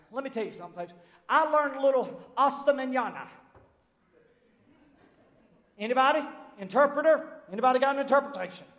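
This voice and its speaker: A man with a Southern US accent, a pastor preaching a fiery, folksy sermon that swings between shouting and confiding. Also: extremely high pitch. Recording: echoey hall.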